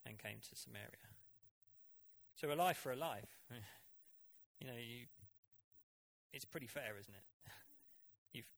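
A man preaching a sermon, reading scripture and explaining it in an animated, chatty way. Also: fairly low pitch, gravelly. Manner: animated, conversational Bible exposition.

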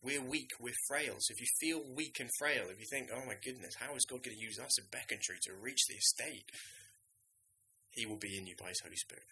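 A man preaching a sermon in a lively, conversational way, now and then acting out the voices of biblical figures. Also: medium pitch, a little fast, slight background noise, poor audio.

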